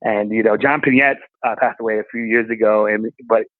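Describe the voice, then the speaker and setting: A man's voice: on the low side, fairly quick, no echo. Man on a tinny phone-like line. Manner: animated, acts out voices in anecdotes. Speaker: comedian guest. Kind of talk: storytelling conversation. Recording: tinny phone-like call audio.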